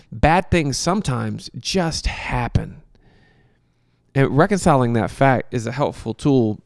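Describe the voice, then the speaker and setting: A man, a pastor, answering a question in casual, conversational Q&A talk, animated and joking at times. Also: mid-range voice, vocal fry, clear, resonant tone, dry recording, clean studio sound.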